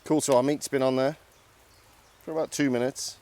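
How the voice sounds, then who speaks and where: A man's voice: mid-range voice, fairly even intonation, moderate pace, warm tone. A man hosting an outdoor cooking vlog, chatty and self-deprecating as he talks through each step. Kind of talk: casual cooking vlog narration. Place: outdoors in woodland.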